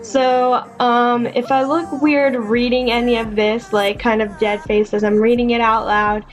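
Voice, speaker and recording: A woman's voice: on the high side, level tone, measured pace, soft background music. A young woman vlogging casually, hesitant with many fillers and restarts as she reads fan fiction aloud.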